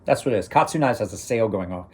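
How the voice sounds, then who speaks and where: A man's voice: fairly low pitch, expressive, racing, breathy edge. A middle-aged man hosting a knife channel, chatting casually on a live stream and rambling with many restarts. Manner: rambling, restarts sentences, chuckles to himself. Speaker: knife review channel host.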